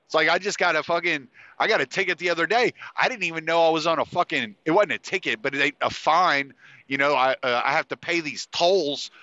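A man's voice: a little high, fairly quick, sharp tone, dry recording, muffled recording. A man hosting a podcast in a casual, rambling monologue, swearing freely and restarting his sentences, and congested. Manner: rambling, profane, with frequent fillers and restarts. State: congested, sniffly. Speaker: podcast host.

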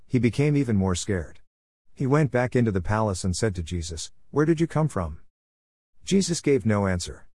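This is a man with a fairly low voice who hosts a daily Bible reading show. He reads scripture in a steady, earnest way. The sound is dry and close, with no room echo. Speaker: Bible reading podcast host.

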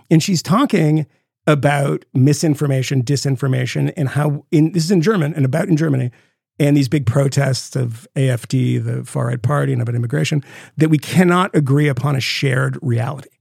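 Gravelly, husky man in rambling casual chat. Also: mid-range voice, no room sound, clean studio sound. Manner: rambling, profane, animated storytelling. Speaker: podcast co-host.

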